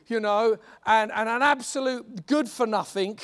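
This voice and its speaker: A man's voice: high voice, a little slow, a bit bright, clear, resonant tone. A man voicing a skeptical male angel who questions his orders with exasperated disbelief. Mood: incredulous.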